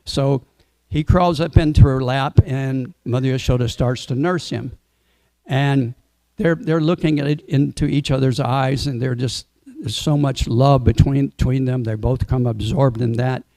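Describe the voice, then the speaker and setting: A man telling a devotional story as a sermon, in a relaxed way and asking the audience questions. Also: medium pitch, a little slow, gravelly, no room sound. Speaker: speaker at a temple Sunday program.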